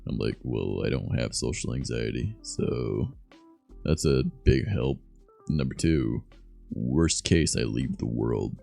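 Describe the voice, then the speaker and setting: A young man from Canada with a deep voice, chatting loosely and softly on his stream, swearing as he goes. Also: animated, slow, creaky, faint music behind. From Southern Ontario, Canada. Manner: soft-spoken, loose and swearing. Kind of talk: casual stream chat.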